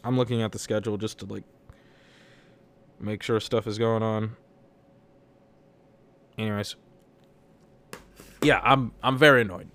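A man's voice: fairly low pitch, fairly even intonation, unhurried, long pauses, fairly bright tone. A young man hosting a solo podcast, ranting about his job in a profane, exasperated, rambling way. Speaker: podcast host. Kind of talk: solo venting rant.

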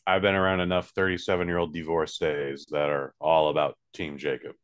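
A man co-hosting a comedy podcast, joking and rambling in relaxed banter. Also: rumbling low, fairly quick, clear, resonant tone, no room sound. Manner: laid-back, joking, rambling. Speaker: podcast co-host.

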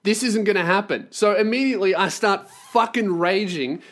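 A man with a slightly higher voice, telling a story on his podcast. He rants in a profane, sarcastic way. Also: moderate pace, hardly any pauses. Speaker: podcast host and touring performer. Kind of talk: storytelling rant.

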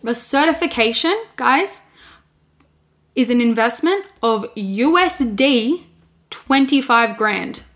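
A woman's voice: a little high, animated, takes it slowly, a bit bright. A woman in her twenties, a podcast host and coach, talking candidly in a casual solo monologue and restarting her sentences often. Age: 20s. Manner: earnest, candid, restarts often and says "like" a lot.

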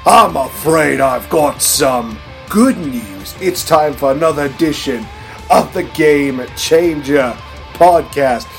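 A man's voice: a little high, slow pace, creaky, faint music behind. A man doing a theatrical impression of a British wrestling announcer in a put-on British accent. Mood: grandiose.

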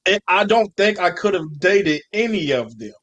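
A man's voice: high voice, animated, moderate pace, a bit bright. A man co-hosting a casual podcast chat, blunt and laid-back, swearing freely. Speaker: podcast co-host.

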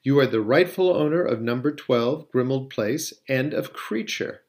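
A man voicing an old wizard headmaster who speaks in a measured, formal and courteous way. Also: mid-range voice, darkish tone, natural voice. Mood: calm.

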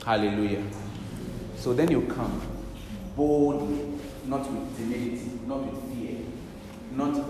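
Emphatic preacher in an echoey hall. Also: male voice, mid-range voice, animated, measured pace, long pauses, a little hiss or hum. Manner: emphatic, swinging between loud urgent bursts and hushed passages. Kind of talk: sermon. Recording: echoey hall with long reverb, faint ambience.

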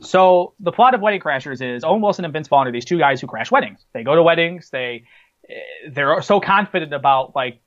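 Male podcast co-host, chatty animated storyteller, slightly high voice, dull lo-fi recording. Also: brisk. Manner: animated storyteller, many fillers and restarts. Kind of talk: casual chat, movie countdown.

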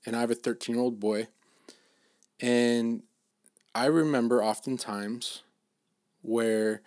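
Middle-aged man, mid-pitch, dry close sound, relaxed preaching with frequent restarts. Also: dry recording. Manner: casual, halting, many restarts and fillers. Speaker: dad giving a faith talk. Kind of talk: informal sermon.

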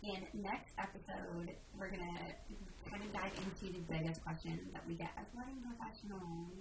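A woman's voice: medium pitch, fairly even intonation, normal speed. A woman hosting a casual podcast as a wedding professional, chatty as she wraps up the episode. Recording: distant mic with clear background noise.

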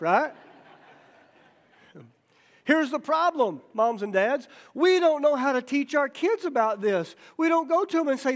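High-pitched middle-aged pastor guy, folksy joking sermon, keeps asking okay? right?. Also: lively intonation, normal speed. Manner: acts out quoted voices in stories.

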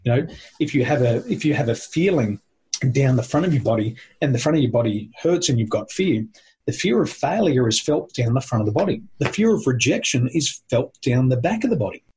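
Husky-voiced man explaining emphatically. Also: medium pitch, animated, fairly quick, mellow. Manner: emphatic, teacherly, lists points. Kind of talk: conversational explaining.

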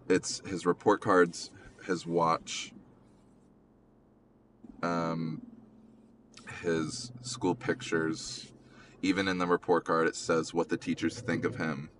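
A young man with a deep yet bright voice talks slowly about personal matters on a podcast, recorded in a car. He stumbles and restarts often, with hesitant ums. A faint hum of road noise sits under his voice. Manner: halting, many ums and restarts, emotional. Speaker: podcast host. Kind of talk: casual podcast chat.

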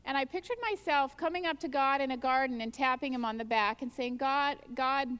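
A woman's voice: high voice, fairly even intonation, quick pace, a bit bright, clean tone. A woman giving a personal testimony at a church gathering, telling stories earnestly and acting out her own prayers. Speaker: guest speaker at a church gathering. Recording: long church hall reverb.

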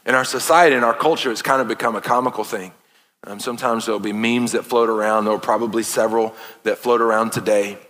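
A man's voice: lowish voice, steady tone, fast talker, a bit bright. A man in his thirties, a pastor preaching an earnest, impassioned sermon in a church, breaking into playful asides. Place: church sanctuary. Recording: long reverb of a large hall.

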